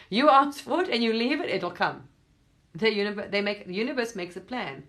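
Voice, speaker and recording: Woman, medium-pitched, casual rambling monologue to camera, emphatic with loose swearing. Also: animated, normal speed, a bit bright. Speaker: spiritual vlogger. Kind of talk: casual spoken monologue to viewers.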